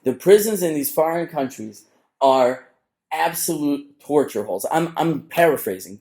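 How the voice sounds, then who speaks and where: A middle-aged man, a rabbi, giving a storytelling sermon to a live audience, animated, with frequent restarts and asides. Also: on the high side, a little slow.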